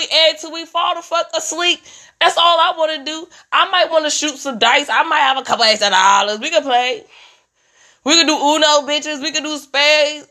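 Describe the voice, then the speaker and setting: A young woman doing a profane comedic rant about motherhood, animated and full of mimicry. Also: high voice.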